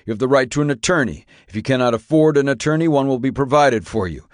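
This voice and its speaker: A man voicing a male federal agent in an audiobook, reading out an arrest warning briskly and by rote. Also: mid-range voice, no echo, clean studio sound, voice pushed up, lightly acted.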